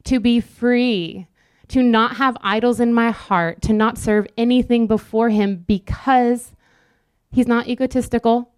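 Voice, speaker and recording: A young woman preaches in an earnest, conversational style, breaking into quick asides. Her voice is smooth and resonant. The sound is dry, with no room echo. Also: on the high side, steady tone. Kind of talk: sermon.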